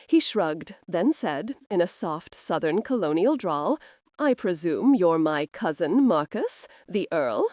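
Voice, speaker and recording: A woman reading a romance audiobook in an expressive, scripted narration. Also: mid-range voice, no room sound, studio quality.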